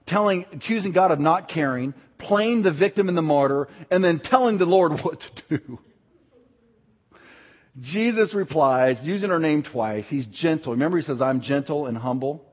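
A man's voice: a little high, moderate pace, breathy edge. Man preaching in an echoing hall. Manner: animated, conversational preaching with shifts between loud and soft. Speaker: pastor. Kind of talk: sermon. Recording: dull sound with long hall reverb.

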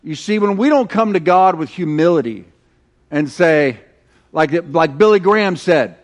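A middle-aged man preaching a sermon, telling stories with animated, acted-out quotes. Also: on the high side, normal speed. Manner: animated storytelling, acting out quoted voices. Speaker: pastor.

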